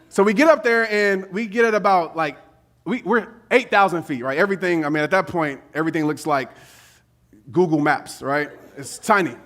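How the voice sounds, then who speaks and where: A motivational speaker with a fairly high voice tells a personal story to a live audience. He talks casually and with animation, using slang and laughing at himself. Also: fairly quick, a bit bright, slight background noise.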